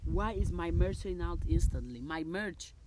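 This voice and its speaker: A woman's voice: on the low side, expressive, normal speed, noisy background. Exuberant woman chanting affirmations. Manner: exuberant, repetitive, rising loud bursts. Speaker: motivational creator. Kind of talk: spoken affirmations.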